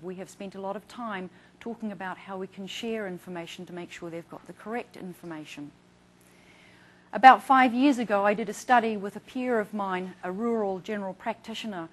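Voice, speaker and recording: Speaking briskly in a mid-range voice, a middle-aged woman physician earnestly teaches patients and providers about patient care. She relates case stories, voicing her patients' words, over a rough recording with slight background noise.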